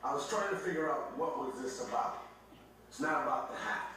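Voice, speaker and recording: A man working as a school principal, calmly coaxing an upset student in a casual, reassuring way. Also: on the high side, brisk, slight background noise. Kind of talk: calming talk with a student. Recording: distant echoey documentary audio with crowd.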